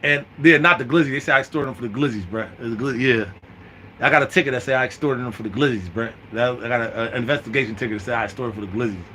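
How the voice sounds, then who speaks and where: A man in his thirties telling a prison story in an animated, profane, slang-heavy way, with lots of restarts. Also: mid-range voice, fast talker, a little hiss or hum. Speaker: vlogger. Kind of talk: storytime monologue.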